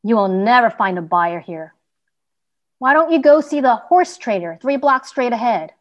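A woman's voice: on the high side, animated, normal speed, muffled recording, lightly acted. A woman voicing a group of offhand adult male merchants in a storybook reading.

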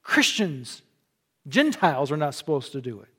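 A man's voice: fairly high pitch, moderate pace, husky. A middle-aged man from Illinois preaching a sermon in a church, telling stories with jokes and frequent restarts. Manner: folksy, joking, animated storytelling with repeated restarts. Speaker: pastor.

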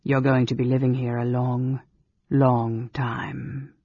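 A man's voice: medium pitch, little pitch movement, slow pace, vocal fry, warm tone, slightly rough, no echo, lo-fi sound, full character voice. A male narrator voicing a smug male elf senator making a pointed parting remark.

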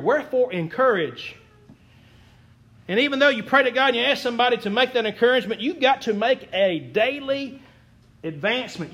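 A man's voice: very high voice, a bit bright. A young man preaching a sermon as a pastor, folksy, earnest and self-deprecating.

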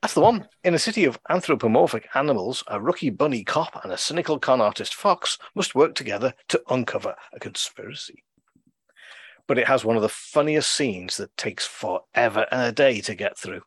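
A man's voice: medium pitch, animated, fairly quick, fairly bright tone, breathy edge, no echo. Man, podcast host, casual film chat, rambling, dry recording. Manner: rambling, with many fillers and restarts.

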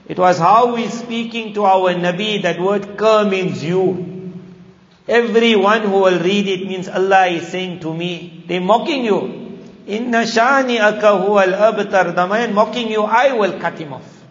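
A preacher with a fairly high voice delivers an emphatic sermon, repeating phrases for weight. His words ring out in a reverberant hall. The recording sounds slightly muffled. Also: unhurried. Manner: emphatic, repeats key phrases, interleaves Arabic recitation with English explanation. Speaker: Islamic preacher. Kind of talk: sermon on Quran verses.

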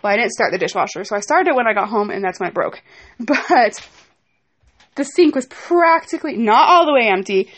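A young woman vents in a rambling vlog about a fight at home, her frustration showing as she keeps turning to say things to her kids. She speaks a little fast, with an animated voice on the high side.

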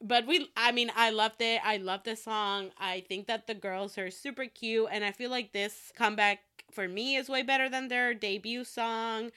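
A woman's voice: a little high, steady tone, moderate pace, few pauses, pushed and bright, smooth. A young woman co-hosting a casual chat, rambling with lots of fillers and frequent giggles. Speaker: podcast co-host.

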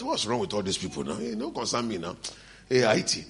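A man preaching a sermon, acting out the story in different voices, moving from hushed asides to shouts. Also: on the low side, sing-song, normal speed. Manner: acts out scenes, shifts between hushed asides and shouts.

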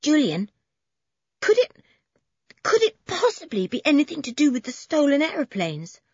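A woman reading aloud, voicing a bold, tomboyish girl who speaks briskly and eagerly. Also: mid-range voice, animated, husky, dry recording, muffled recording.

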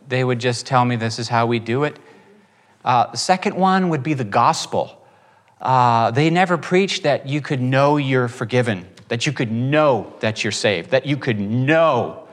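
A man voicing his plain-spoken old grandfather, calmly listing his reasons one by one. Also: medium pitch, big-room sound, voice pushed down, close to an everyday voice.

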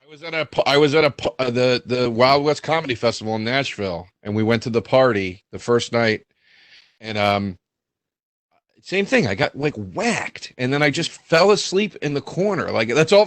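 Male comic, mid-pitched, dry close sound, rambling storyteller. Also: lively intonation, normal speed, no room sound. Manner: rambling anecdote, acting out quotes. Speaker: comedian guest. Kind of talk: casual storytelling.

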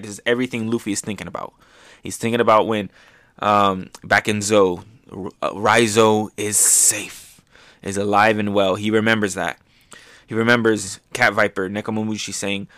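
Host, male, low voice, dry close sound, excitable manga recap. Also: clear, resonant tone, dry recording. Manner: excited, often dropping soft. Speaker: podcast host.

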